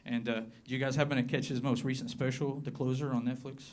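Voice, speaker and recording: A man's voice: medium pitch, little pitch movement, quick pace. Southern American man doing stand-up. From southern Appalachia, USA. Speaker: stand-up comedian. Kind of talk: stand-up comedy set. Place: comedy club with live audience.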